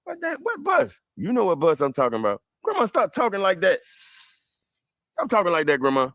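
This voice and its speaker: Heated southern man ranting, lively pitch. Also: fairly quick, no echo. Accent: Southern American. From southern United States. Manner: heated, rambling, swings loud and quiet. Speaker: livestreamer telling a family story. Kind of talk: animated livestream monologue.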